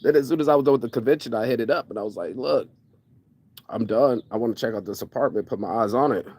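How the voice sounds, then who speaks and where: A man's voice: mid-range voice, quick pace, slightly rough. A man telling a personal story in a casual rant, acting out both sides of the conversation and cursing freely. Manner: animated, acts out both sides of conversations, swears.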